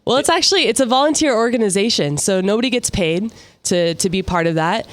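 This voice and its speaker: A woman's voice: mid-range voice, expressive, fairly quick. A young woman guest on a radio talk show, chatting in an upbeat way and laughing often. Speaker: guest, mission volunteer.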